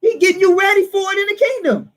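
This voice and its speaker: High-voiced emphatic man preaching. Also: fast, rough recording. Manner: emphatic, rhetorical questions, teasing laughs. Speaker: teacher. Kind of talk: informal preaching to a small group.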